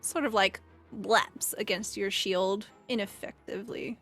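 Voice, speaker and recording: A woman's voice: medium pitch, fairly even intonation, unhurried, a bit bright, faint music behind. A woman narrating a tabletop game as game master, casual and filler-heavy.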